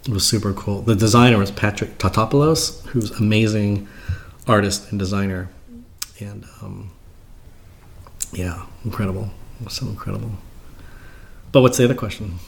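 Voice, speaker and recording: A middle-aged man, a guest cinematographer, telling stories in a casual chat, animated and searching for words at times. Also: lowish voice, normal speed, creaky, long pauses, a little hiss or hum. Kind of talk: casual conversation.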